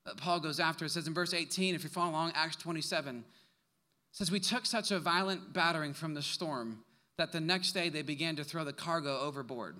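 A young man delivers a sermon to his congregation. His voice sits high and rings with a sharp brightness. He tells his stories in an animated way, full of quick asides and laughs. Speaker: pastor.

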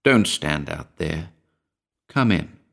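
Man reading a frail, cold old man, slow and dry, deep-voiced. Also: expressive, gravelly, fairly bright tone, full character voice.

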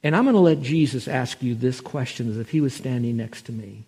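Husky man preaching a sermon. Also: medium pitch, darkish tone. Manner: storytelling, slows and swells for emphasis on scripture. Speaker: pastor.

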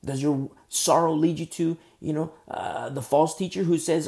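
A male pastor delivers a sermon, and his voice has a gravelly edge with a dark, mellow tone. He drives his points home through runs of emphatic rhetorical questions. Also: a little high, steady tone, moderate pace.

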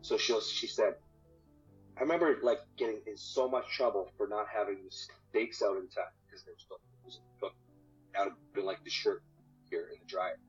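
Speaking at a moderate pace in a fairly low voice, this man is a marriage coach guesting on a podcast. He discusses marriage casually and with plenty of energy, swearing often and repeating himself. Faint music plays beneath the dull, lo-fi recording.

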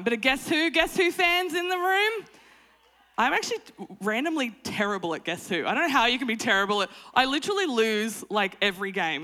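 On a conference hall stage, a woman in her thirties delivers a sermon that mixes prayer with funny stories about her family. Her animated style jumps to high, exclaiming tones for emphasis and falls soft and low during prayer.

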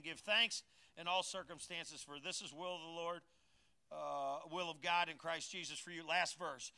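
An older man preaches a sermon as a pastor in a church sanctuary, folksy and joking as he calls out to his congregation. His voice sits high and sounds pushed and bright.

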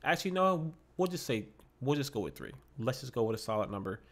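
A man co-hosting a podcast, chatting casually about a film, excitable and often repeating words as he goes. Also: medium pitch, fast talker. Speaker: podcast co-host. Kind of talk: casual movie review chat. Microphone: podcast microphone.

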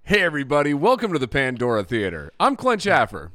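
A relaxed man co-hosting a movie podcast, his pitch rising and falling a lot as he jokes with his partner. The sound is dry and close, with no room echo. His tone stays loose and playful. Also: fast talker. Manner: laughing, teasing, loose. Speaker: podcast co-host. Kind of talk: casual chat.

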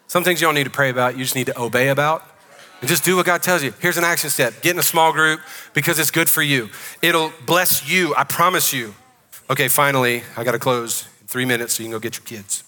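A male pastor with a Southern US accent delivers a lively sermon, joking with his congregation. His voice is bright and forceful, a touch high for a man. The sound carries a long echo from a large church hall. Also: brisk. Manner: joking, animated preaching. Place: church sanctuary.

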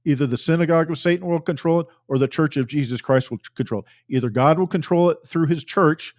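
A man's voice: fairly high pitch, quick pace, darkish tone. A man preaching a fiery sermon, fervent and emphatic, repeating phrases for force.

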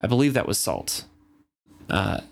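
A man's voice: lowish voice, big pitch swings, unhurried, vocal fry. A man co-hosting a casual book discussion, reading passages and thoughtfully explaining the plot.

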